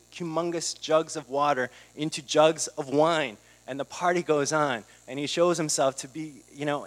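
Man, pastor, mid-pitched, talks loosely and chattily from the pulpit, long hall reverb with a faint hum. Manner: relaxed, conversational, with fillers and laughs. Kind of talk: casual sermon.

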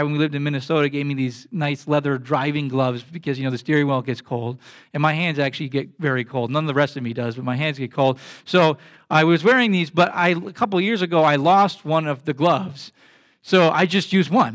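A man's voice: a little high, fairly bright tone. A man with children giving a sermon, telling casual self-deprecating stories with many fillers before reading scripture. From grew up as a missionary kid abroad. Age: adult with kids. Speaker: pastor.

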